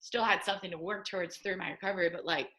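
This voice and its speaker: Bright-voiced young midwestern woman telling a story. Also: quick pace. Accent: American Midwest. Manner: animated storyteller, acts out quotes with high excited pitch. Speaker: guest, assistant soccer coach. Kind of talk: casual storytelling interview.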